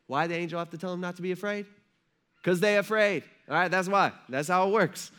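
A man in his thirties preaching a sermon from a church stage, telling stories in an animated, conversational way with lots of asides. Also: high-pitched, fairly quick, clean tone. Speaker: pastor.

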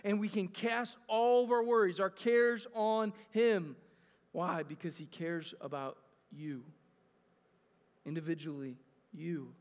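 A man in his thirties with a high voice delivers a sermon to his congregation. He talks earnestly and conversationally and often restarts his phrases. His voice rings with the long reverb of a large church hall. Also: fairly even intonation, takes it slowly. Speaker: pastor. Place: church sanctuary.

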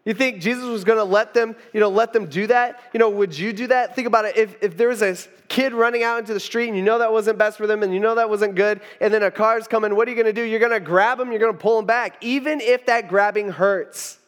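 He's a pastor with a high, steady voice who talks fast and barely pauses, his sermon rambling along with informal asides, restarts, and repeated "you know"s. The recording has a big-room sound.

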